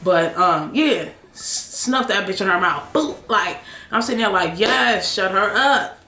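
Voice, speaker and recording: A woman's voice: mid-range voice, a little slow, roomy sound. Blunt, slangy woman recapping drama. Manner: blunt, heavy swearing, slangy and animated. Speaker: reaction show host. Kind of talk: casual recap commentary.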